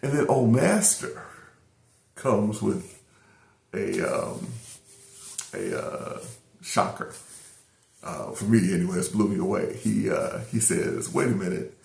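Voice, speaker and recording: A man's voice: fairly low pitch, takes it slowly, gravelly, pauses often, a little mellow. A middle-aged man casually reviewing an episode, retelling the plot in a rambling way with many fillers and restarts. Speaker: anime reviewer. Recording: roomy echo.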